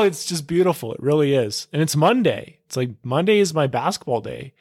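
A young man hosting his own podcast, talking on his own in a casual, excitable way, full of filler words and calling his listeners "dude". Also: on the high side, moderate pace, hardly any pauses, dry recording, clean studio sound. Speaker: podcast host. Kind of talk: casual solo podcast monologue.

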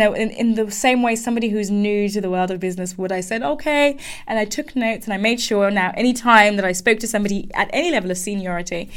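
A young adult woman coaching listeners on careers, telling a personal story with emphatic repetition. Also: mid-range voice. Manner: animated storytelling, frequent restarts and emphatic repetition. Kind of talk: advice monologue with personal story.

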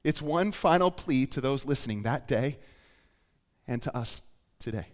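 A man preaching a sermon as pastor, moving between quiet emphasis and loud, urgent appeals. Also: medium pitch, expressive, measured pace. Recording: long hall reverb.

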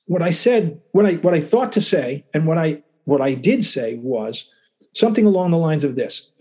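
Calm mellow-voiced man. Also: fairly high pitch, slightly rough. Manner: calm, even-keeled, halting with restarts. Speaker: lawyer and writer, guest. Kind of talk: casual interview talk.

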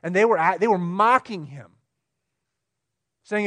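A pastor preaching a sermon, swinging between emphatic, raised lines and quiet, low ones, often checking in with the congregation. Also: male voice, animated, a little slow. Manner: asks the room questions, conversational.

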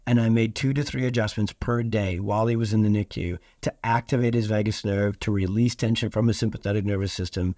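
A man's voice: fairly low pitch, fairly even intonation, fairly quick, few pauses, warm tone, dry recording, studio quality. Earnest man hosting a podcast. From Iowa. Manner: earnest, emphatic, preacher-like. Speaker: podcast host. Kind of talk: podcast monologue.

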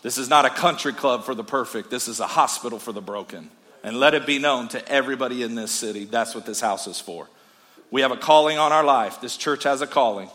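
A male pastor preaching a sermon with energetic, emphatic delivery, often repeating his points for emphasis. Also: medium pitch, brisk.

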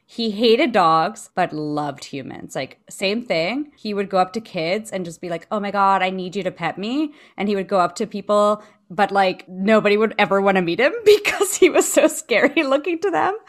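A woman's voice: mid-range voice, animated, moderate pace, few pauses. A woman chatting casually about dogs, with frequent laughs and many filler words. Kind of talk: casual chat.

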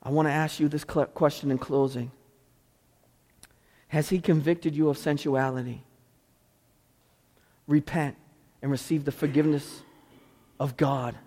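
Pastor, male, high-pitched; passionate sermon, pleading to hushed; long church reverb. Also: fairly even intonation, measured pace, pauses often. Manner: passionate preaching, swings from pleading cries to hushed intensity.

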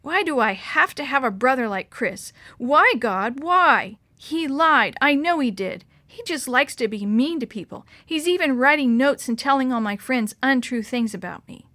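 Storybook girl, tearful and furious, pitched way up and bright, a woman reading her. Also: expressive, moderate pace, few pauses, no room sound. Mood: sobbing, defensive. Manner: high, loud, emotional delivery. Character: upset young girl, tearful and angry.

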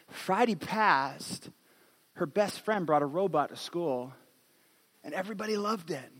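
Male pastor, 30s, animated storyteller, sharp bright tone, long hall reverb. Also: sits high, normal speed. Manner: animated storytelling, acts out quotes. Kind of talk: sermon.

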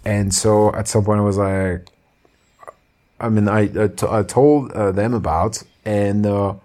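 A man's voice: on the low side, fairly even intonation, measured pace, mellow. A man with a French accent, a podcast co-host telling a story in casual chat, full of fillers and restarts.

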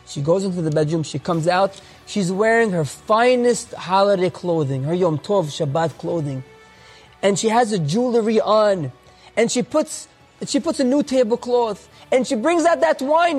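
A man's voice: high-pitched, normal speed, darkish tone, husky, faint music behind. A man earnestly retelling a religious story with emphatic storytelling.

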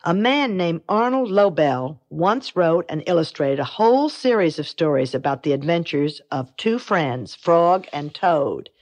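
An older woman from the United States reading a children's book aloud, with gentle, grandmotherly storytelling. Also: fairly low pitch, lively intonation, unhurried, few pauses. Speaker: storybook reader.

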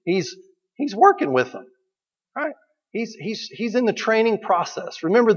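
A man's voice: high voice, breathy edge. A man preaching a sermon in a conversational way, asking the listeners questions and repeating key phrases. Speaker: pastor. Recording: dull recording with long hall reverb.

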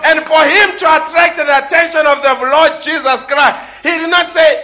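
A man preaching a fervent sermon in a church, often building into shouts. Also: very high voice, fairly even intonation, moderate pace, hardly any pauses, some chatter behind, slight background noise. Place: church before a congregation.

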